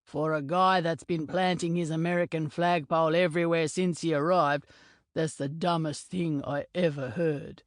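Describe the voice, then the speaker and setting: A woman voicing a huge, gruff male rugby player who mocks his teammate. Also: deep voice, steady tone, normal speed, dry recording, studio quality, natural voice. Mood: mocking. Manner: gruff, mocking.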